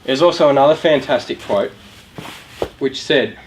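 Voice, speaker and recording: In a low-quality recording with a little hiss or hum, a youth charity speaker addresses a live room. He's a young Australian man with a medium-pitched voice and moderate pace, keeping his motivational talk to the young crowd casual and chatty and putting questions to them.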